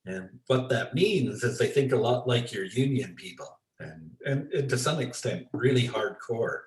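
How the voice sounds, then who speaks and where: A man being interviewed as an expert, telling stories in a relaxed way and acting out the voices of the people in them. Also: medium pitch, normal speed, echoey room, low-quality recording. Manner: storytelling, acts out quoted voices, many restarts. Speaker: guest expert. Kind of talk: conversational interview storytelling.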